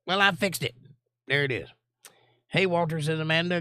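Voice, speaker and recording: A man's voice: fairly high pitch, brisk, pushed and bright, no room sound. A man hosting a live online Bible study, casually reading viewer comments aloud, greeting people by name and answering them. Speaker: Bible study teacher and livestream host.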